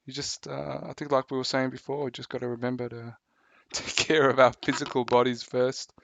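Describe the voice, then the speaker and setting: A man's voice: medium pitch, fairly quick, gravelly, dry recording. An Australian man hosting a casual chat, joking and laughing often. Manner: laughs often, jokey and animated.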